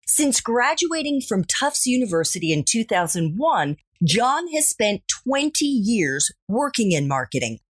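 Woman, podcast host, upbeat scripted intro, slightly high voice, dry studio sound. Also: breathy edge, dry recording. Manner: upbeat, playful coffee puns.

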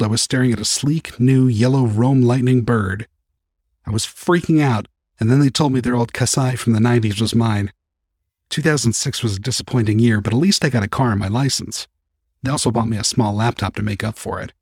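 A man narrating a first-person story as an audiobook reader, calm and even. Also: medium pitch, fairly quick, breathy edge, no echo, clean studio sound.

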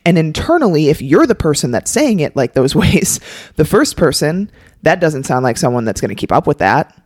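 A woman's voice: deep voice, big pitch swings, brisk, darkish tone, husky, no room sound, clean studio sound. A woman co-hosting a podcast, talking emphatically and casually, with lots of filler "like"s. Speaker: podcast co-host. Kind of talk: casual coaching chat.

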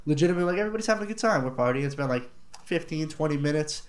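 A man's voice: on the high side, animated, rapid-fire, echoey room. A young man telling a rambling party story in casual chat, full of fillers, laughing often.

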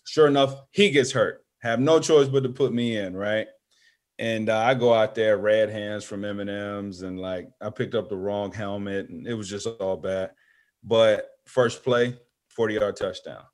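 Low-voiced man telling a lively story. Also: a little slow. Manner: animated storyteller, acts out friends' voices. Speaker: guest. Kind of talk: storytelling interview.

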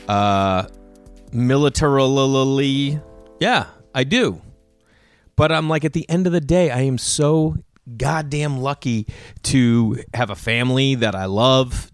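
A man hosting a podcast, chatting casually on his own and acting out family conversations as he tells stories, cursing freely. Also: mid-range voice. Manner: animated storyteller who acts out family dialogue; loose, swears casually. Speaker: podcast host. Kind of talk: casual solo monologue.

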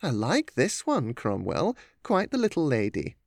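A man voicing a charming, refined woman who runs a hidden shop, speaking softly and graciously in a storybook reading. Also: medium pitch, wildly swooping pitch, a little slow, vocal fry, dry recording, clean studio sound, full character voice. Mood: amused. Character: soft-spoken genteel woman shopkeeper, charming.

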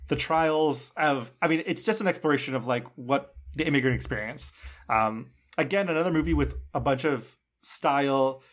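A man co-hosting a film review podcast, talking in an effusive, casual way with lots of filler words. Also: fairly high pitch. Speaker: podcast co-host.

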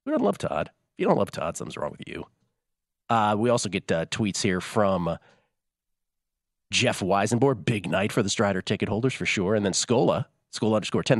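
A man's voice: fairly low pitch, no room sound, studio quality. A man hosting a sports betting talk show, chatting casually in a rambling, jokey way that keeps interrupting itself.

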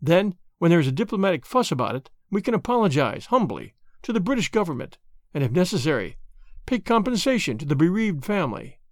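A man reading aloud, voicing a sly male French agent in a lower, slow, insinuating tone. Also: sing-song, no echo, clean studio sound.

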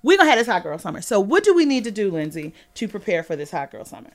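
A young woman hosts a laid-back podcast in a sassy, animated way. She laughs often and swings from loud, emphatic claims to quiet, confiding asides. Her voice sits at an ordinary middle pitch. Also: fast. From California. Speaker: podcast host. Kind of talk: casual podcast chat.

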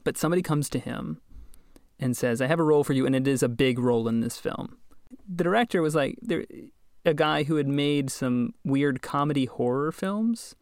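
A man hosting a podcast, telling a story in casual chat, wry and quick to laugh. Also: on the high side, a little mellow, no echo, studio quality. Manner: chatty, wry, laughs often. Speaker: podcast host.

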